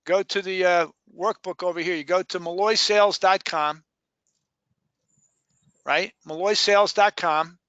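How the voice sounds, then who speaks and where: High, bright, emphatic male sales trainer. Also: fairly even intonation, measured pace, long pauses, smooth, dry recording, dull audio. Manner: emphatic, repeats key phrases, asks questions. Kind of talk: live sales training session.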